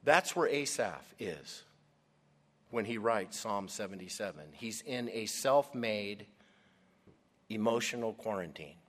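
Male pastor, unhurried dramatic sermon delivery, long church reverb. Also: lowish voice, lively intonation. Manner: dramatic, swings from hushed to loud. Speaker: preacher.

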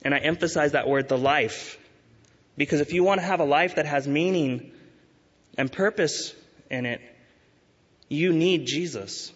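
Pastor, male, earnest sermon delivery, slightly higher voice, dull sound with long reverb. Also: breathy edge. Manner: earnest, urging, with emphatic rises and slow stresses.

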